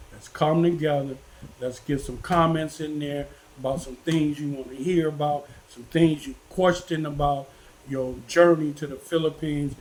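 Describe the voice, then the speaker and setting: An older man with a drawl talks straight to his viewers, folksy and preachy, going back over each point again and again. His voice sits a little high for a man, with a faint hum of room noise behind him. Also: low-quality recording. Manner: folksy, preachy, repeats himself for emphasis. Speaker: vlogger. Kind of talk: casual preachy monologue to viewers.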